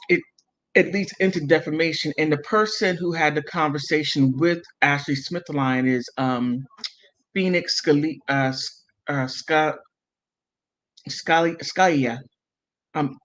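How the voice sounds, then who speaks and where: A man with a somewhat high voice reads out messages and comments on them at a slow, unhurried pace. He halts often, trips over words and stops to exclaim in disbelief, sounding like a commentary host talking to his viewers. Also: fairly bright tone, rough recording. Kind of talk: reading messages aloud with commentary.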